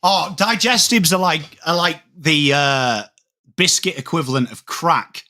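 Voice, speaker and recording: A high-voiced man with a bright, sharp tone chats casually with his viewers on a live watchalong. He calls the match as it happens, and his voice jumps up in excitement on big plays. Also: a little slow. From England. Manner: chatty, reads out viewer comments, rises excitedly on plays. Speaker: watchalong streamer. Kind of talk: live game commentary mixed with chat.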